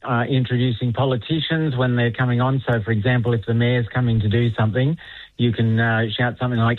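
A man appearing as a town crier guest on a radio show, upbeat and coaching the hosts, breaking into booming crier calls. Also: flat delivery, fast, no room sound, narrow, tinny audio. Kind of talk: phone-in radio chat.

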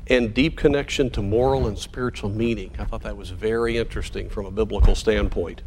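Earnest preaching man, measured delivery. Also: fairly low pitch, fairly even intonation, darkish tone, a little hiss or hum. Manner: earnest, measured preaching with slowed emphatic phrases. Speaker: pastor. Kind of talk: sermon.

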